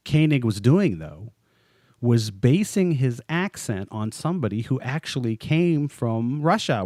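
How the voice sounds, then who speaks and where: A man's voice: a little high, dry recording, clean studio sound. A man co-hosting a podcast in casual, chatty talk, joking and laughing often as he goes. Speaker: podcast co-host.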